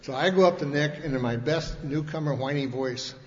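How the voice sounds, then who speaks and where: A middle-aged man from Montana, speaking a touch high, tells his recovery story from a podium in a big hall. He rambles in a folksy way, restarting sentences and slipping into loose colloquial grammar. The old tape is dull and lo-fi, with a long reverb tail and a faint hiss behind him. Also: a little fast. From Montana, USA. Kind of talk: personal recovery story told to an audience. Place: large convention hall.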